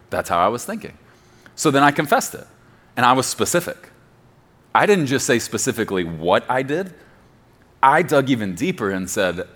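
Middle-aged pastor guy preaching, bit high voice, swings up and down a lot, chatty. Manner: conversational preaching, drops to soft murmur for quoted prayers. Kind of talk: sermon.

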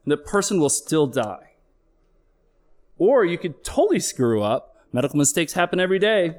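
A man's voice: a little high, sing-song. Candid man telling a hard story. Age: middle-aged. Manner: candid, emotional, swears, slows for emphasis. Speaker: flight paramedic. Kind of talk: live personal storytelling.

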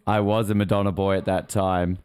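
A man's voice: deep voice, level tone, a little fast, darkish tone, clear, resonant tone, no room sound. A young man co-hosting a casual film commentary podcast, teasing his friend with gleeful enthusiasm. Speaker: podcast co-host.

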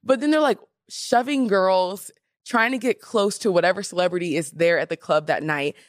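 A young woman hosting a podcast in casual chat, animated and emphatic with sassy asides. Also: lowish voice, moderate pace, dry recording, clean studio sound. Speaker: podcast host.

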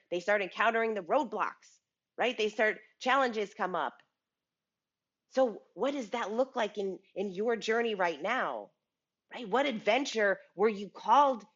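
A woman's voice: medium pitch, lively intonation, measured pace, fairly bright tone, slightly rough, dull audio. A woman giving a casual motivational talk, chatty, often restarting words and checking in with the listener. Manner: chatty, repeats words and asks the listener "right?". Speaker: speaker on a business show.

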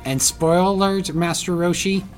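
A man's voice: high voice, steady tone, moderate pace. Wry man co-hosting a recap. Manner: brief agreeing interjections and wry asides. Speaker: co-host. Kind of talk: casual anime recap chat.

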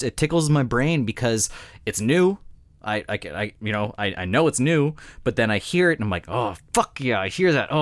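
Lively-voiced man co-hosting a podcast. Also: fairly high pitch, dry recording, clean studio sound. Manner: swears, says dude and like a lot. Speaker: podcast co-host. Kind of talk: casual music podcast chat.

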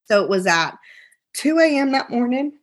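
Woman, 30s, podcast guest; husky, animated storyteller who acts out the people she quotes. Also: fairly high pitch, normal speed. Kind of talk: emotional personal storytelling.

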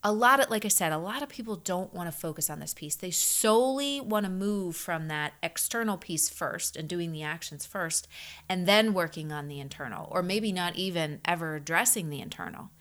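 A woman's voice: lowish voice, moderate pace, a bit bright. Earnest, rambling woman leadership coach. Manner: earnest, repetitive, with many fillers. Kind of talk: casual podcast talk.

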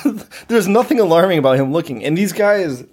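Podcast guy, higher voice, can't believe how dumb the movie is, keeps laughing. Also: lively intonation, fairly quick, darkish tone, a little hiss or hum. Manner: amused, incredulous. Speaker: podcast co-host. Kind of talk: casual movie review chat.

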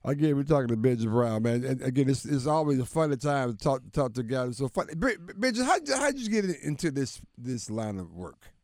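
A man's voice: medium pitch, expressive, fairly quick, a little mellow, dry recording, studio quality. A man co-hosting a casual radio interview, laughing often and keeping things upbeat. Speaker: radio co-host.

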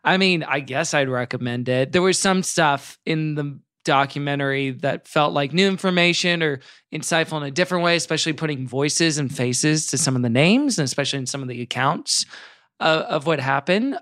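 A man's voice: fairly high pitch, a little fast, a bit bright, dry recording. Dry-voiced man co-hosting a podcast. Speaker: podcast co-host. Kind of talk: casual podcast chat.

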